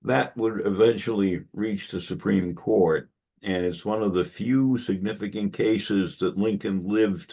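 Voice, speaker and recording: A man giving a history lecture to a club audience, measured and given to wry asides. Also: lowish voice, a little mellow, slightly rough. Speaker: guest lecturer. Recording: dull lo-fi recording.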